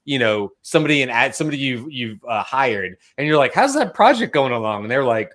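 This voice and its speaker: Male podcast host, casual and animated, mid-pitched, acts out quoted lines. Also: brisk, few pauses. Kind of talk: casual panel chat.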